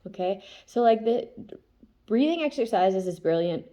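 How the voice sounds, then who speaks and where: A woman with a stuffed-up nose gives a casual tarot reading in a mellow, medium-pitched voice, keeping her intonation fairly even and her pace measured. She's chatty and heavy on fillers, laughs often, keeps asking "okay?", and now and then reads passages aloud in this easygoing spiritual chat.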